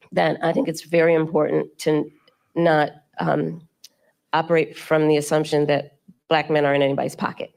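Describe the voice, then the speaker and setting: A woman politician giving measured, speech-like answers to a journalist on stage. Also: sits low, creaky. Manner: measured, speech-like, steady delivery. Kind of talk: formal panel interview answers.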